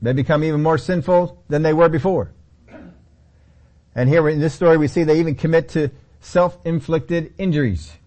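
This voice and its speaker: A man's voice: a little high, normal speed, darkish tone. A man teaching a Bible study sermon in a conversational way, often repeating key phrases.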